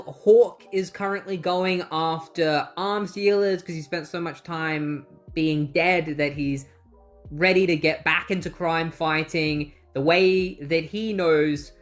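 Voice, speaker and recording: A comic book retrospective host runs through the plot in a loose, conversational way. The host drops wry asides and the occasional curse along the way. The voice sits in a middle pitch. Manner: breezy, wry, swears casually, acts out quotes. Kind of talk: casual plot recap.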